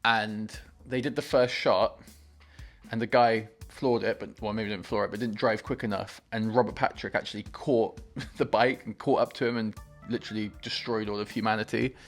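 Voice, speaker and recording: Excitable man reacting to a film. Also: fairly low pitch, normal speed, faint music behind. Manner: excitable, gushing enthusiasm. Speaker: movie reaction host.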